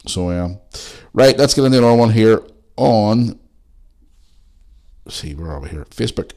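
A man's voice: fairly low pitch, expressive, normal speed, dark tone. A man hosting a casual solo podcast, chatting in a rambling way and swearing freely. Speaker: podcast host.

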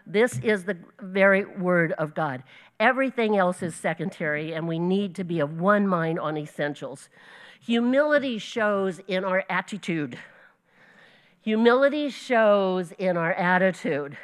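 A woman's voice: fairly low pitch, expressive, unhurried, smooth. A woman teaching a Bible lesson to her group, earnest and storytelling, with small slips she corrects as she goes. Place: church gathering.

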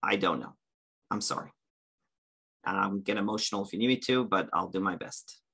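Male panelist with a forceful, bright voice. Earnest, impassioned, halting. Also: deep voice, creaky, slightly rough. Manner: earnest, impassioned, hesitant with fillers. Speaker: panelist, campus religious director. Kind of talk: panel discussion.

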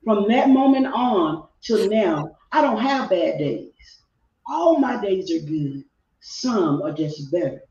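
A woman's voice: medium pitch, big pitch swings, takes it slowly, dark tone, recorded from a distance. A middle-aged woman speaks earnestly over a video call, her voice set back from the mic in a roomy space. She repeats phrases for emphasis. The sound is dull and lo-fi. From Texas. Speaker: guest life coach. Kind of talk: heartfelt personal storytelling.

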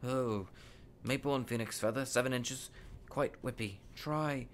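A man reading aloud, voicing an eerie, precise old male wandmaker with measured, drawn-out phrasing. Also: medium pitch, a little hiss or hum, lightly acted. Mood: coaxing.

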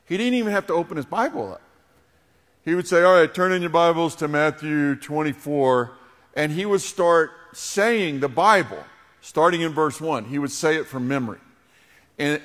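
A man's voice: on the high side, a bit bright. A middle-aged man preaching a sermon as pastor, telling a story and then leading the congregation in prayer. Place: church sanctuary. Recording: long church hall reverb.

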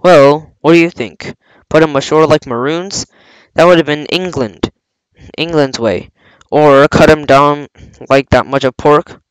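A man's voice: on the high side, a little slow, clean tone, no room sound, lightly acted, low-quality recording. A man reading aloud, voicing a scheming older pirate cook with a coaxing, blustering sailor manner. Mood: scornful.

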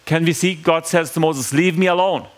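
Man preaching a lively conversational sermon. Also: on the high side, moderate pace. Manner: conversational, asks the audience questions, acts out quoted lines.

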